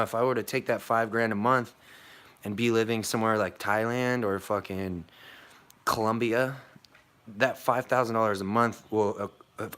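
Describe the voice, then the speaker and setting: In a casual vlog, a young American man spins out a long, rambling, profane story dotted with fillers and restarts. His pitch is fairly low and his tone fairly bright.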